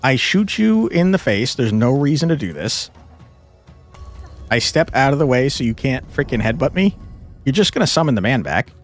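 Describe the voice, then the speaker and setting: Male streamer, lively swooping voice, frustrated and profane, faint game music behind. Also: medium pitch, moderate pace. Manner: exasperated, swearing, laughing often. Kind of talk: casual gameplay commentary.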